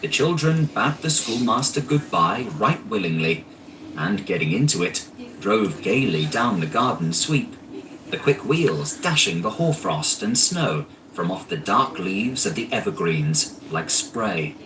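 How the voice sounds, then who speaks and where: A man narrating a classic story aloud in an unhurried, expressive reading while working in an art studio. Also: lowish voice. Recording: distant mic, faint background noise.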